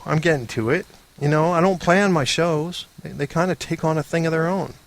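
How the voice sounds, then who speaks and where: A man's voice: fairly high pitch, brisk, gravelly, no room sound. A man hosting a call-in comedy podcast who is talking while sick, rambling in a boisterous, self-mocking way. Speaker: podcast host. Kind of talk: casual comedy monologue.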